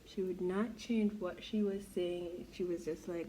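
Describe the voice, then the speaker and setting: A woman's voice: on the low side, level tone, moderate pace, hardly any pauses, dark tone, a little hiss or hum, poor audio. A young woman vlogger telling a gossipy story in casual chat while doing her makeup, with incredulous exclamations.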